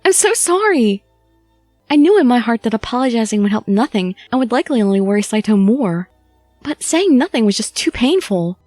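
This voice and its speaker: A woman's voice: on the high side, expressive, fairly quick, dark tone, no room sound, faint music behind. A woman reading a first-person audiobook story expressively, as the channel host. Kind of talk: audiobook narration and chatty outro.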